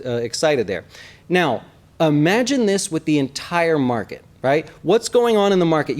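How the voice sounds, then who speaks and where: An animated man with a slightly raised pitch gives casual commentary on the stock market. He hosts an investing show and talks straight to his viewers. He keeps checking in with a quick "right?". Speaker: investment advisor and show host.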